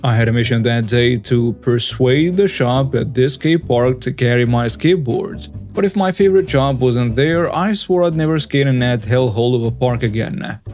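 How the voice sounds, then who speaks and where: Man reading stories over soft guitar. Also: mid-range voice, moderate pace, few pauses. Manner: reads first-person stories aloud. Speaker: story narrator. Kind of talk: scripted story narration.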